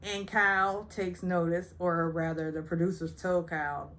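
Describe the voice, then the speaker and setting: A woman's voice: on the low side, level tone, unhurried, a bit bright. A woman from the Southern United States recapping a reality show in a chatty, gossipy way with sarcastic asides. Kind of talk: casual recap vlog.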